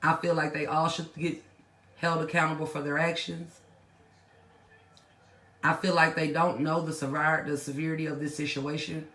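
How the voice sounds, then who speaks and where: A woman's voice: low-pitched, little pitch movement, normal speed, pauses often, fairly bright tone, roomy sound. A woman hosting a commentary channel, talking bluntly and in slang straight to her viewers, scolding and then winding down. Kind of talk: casual reaction commentary.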